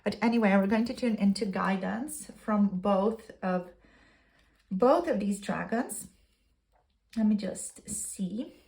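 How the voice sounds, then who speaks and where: Slow, soothing woman tarot reader. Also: medium pitch, vocal fry, a little mellow. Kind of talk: tarot reading, reading aloud from a card booklet.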